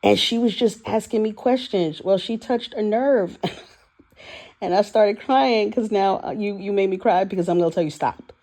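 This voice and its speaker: A woman's voice: mid-range voice, moderate pace, darkish tone. A woman vlogger speaking candidly and emotionally about her life, laughing often and trailing off as she searches for words. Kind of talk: candid personal reflection. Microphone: audio only, no video.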